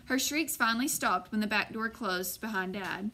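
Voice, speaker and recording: A woman narrating a first-person audiobook in a measured way, slowing on suspenseful moments. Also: medium pitch, bright, forceful tone, slight background noise.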